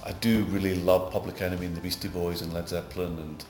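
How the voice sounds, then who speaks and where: Speaking fast in a low voice with a Glaswegian Scottish accent, a middle-aged actor from Scotland chats casually in an interview. He rambles through stories and becomes animated, heard with roomy echo and background music.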